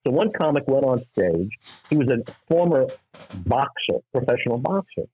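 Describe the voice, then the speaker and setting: A middle-aged man from New York, a stand-up comic telling anecdotes in an animated way and acting out the people in them. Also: medium pitch, breathy edge, narrow, tinny audio. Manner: acts out voices in anecdotes, quick asides. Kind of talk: animated storytelling.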